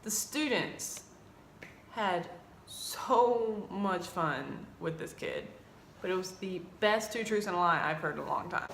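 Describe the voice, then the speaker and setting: A woman's voice: fairly low pitch, takes it slowly, gravelly, roomy sound, a little hiss or hum. A young woman in her twenties, an English teacher telling classroom stories in a casual vlog, acting out her students' lines. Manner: animated, acts out students' lines in quoted voices.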